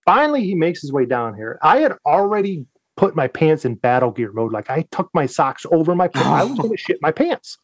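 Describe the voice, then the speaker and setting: A man from the United States tells a story on a podcast, his slightly high voice swinging widely up and down as he acts out his own lines. He swears freely and keeps the tale rolling. The sound is dry and close. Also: fairly quick, no room sound. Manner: profane, animated, acts out his own quotes. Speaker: guest, Navy veteran.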